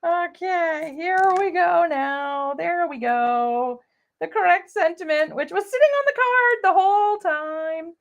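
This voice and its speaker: A woman's voice: very high voice, takes it slowly. A woman hosting a live paper-crafting demonstration, chatting bubbly and giggly with viewers and greeting them by name. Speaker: crafting livestream host.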